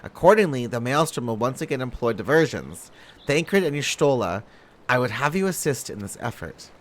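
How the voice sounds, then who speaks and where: A man voicing a formal, seasoned male naval commander from a game, reading in a lowered, stately manner. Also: a little hiss or hum, lightly acted.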